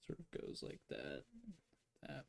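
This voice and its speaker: A man talking to himself in a rambling way as he draws, giving casual commentary. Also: takes it slowly. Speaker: artist.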